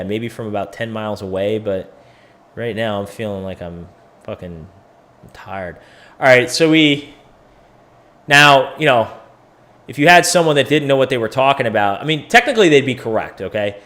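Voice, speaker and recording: A tired man hosts a casual crypto chart-analysis video, thinking out loud as he goes. His speech is loose and salty, with a middle-pitched voice. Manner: loose, profane, thinking aloud. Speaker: crypto educator and host.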